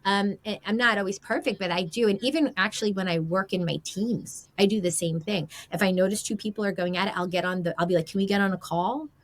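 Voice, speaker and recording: A woman guest on a podcast giving casual marriage advice in an animated way, acting out quoted remarks. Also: medium pitch, fast talker, hardly any pauses.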